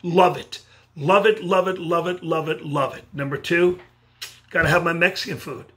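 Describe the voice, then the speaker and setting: Animated New man giving a pep talk. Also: on the high side, moderate pace. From New York. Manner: animated, gestures while talking. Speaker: motivational speaker. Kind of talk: motivational speech by video. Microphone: video camera.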